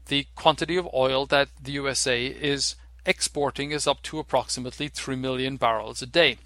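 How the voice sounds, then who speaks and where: A man with a bright, forward voice talks through markets off the cuff, stopping often on "uh" and restarting his sentences. The sound is dry and close, with no room around it. His pitch sits in an ordinary middle range. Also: no room sound. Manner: halting, many "uh" fillers and restarts. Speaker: market analyst. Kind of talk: unscripted market commentary.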